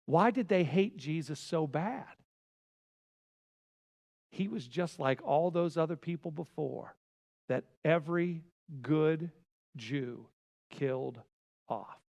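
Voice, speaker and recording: Male pastor mid-sermon, a touch high-pitched, swings from emphatic to hushed, reverberant church sound. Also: lively intonation, takes it slowly, vocal fry, pauses often. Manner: dramatic swings from loud emphasis to hushed asides. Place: church sanctuary.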